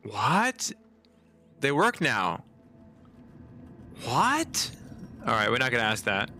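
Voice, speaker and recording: A man's voice: mid-range voice, animated, quick pace, bright, forceful tone, soft background music. A man streaming a game live, chatting casually and reacting with surprise as he plays. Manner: chatty, easily surprised, talks to chat. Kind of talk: live gameplay commentary.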